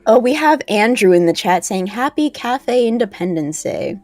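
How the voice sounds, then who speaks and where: A woman's voice: fairly high pitch, animated, moderate pace, darkish tone, dry recording, faint music behind. A woman with a mostly neutral American accent and a faint Southern edge, co-hosting a livestream, reading out segments in a chatty, playful way. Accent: neutral American, a little Southern at times. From New Jersey, raised in Florida. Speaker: co-host. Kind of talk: casual livestream chat, reading horoscope and history.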